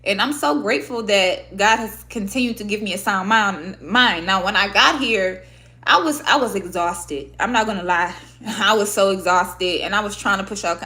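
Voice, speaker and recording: A woman vlogger from Michigan speaks to her camera in a candid, open way, swearing freely. Her voice sits at an ordinary middle pitch. She is indoors at her own desk setup with a microphone. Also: moderate pace. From Michigan, USA. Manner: candid, profane, expressive. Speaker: vlogger and podcaster. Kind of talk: casual talk to camera.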